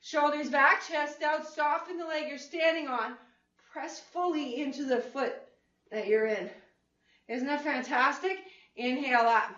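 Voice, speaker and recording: A bright, high-voiced woman talks an exercise class through each move, playful and encouraging, with cheerful whoops. She speaks unhurriedly, and her voice rings in an echoey room, picked up from a distance on a dull, lo-fi recording. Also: unhurried. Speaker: fitness instructor. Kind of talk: chair-friendly exercise class instruction.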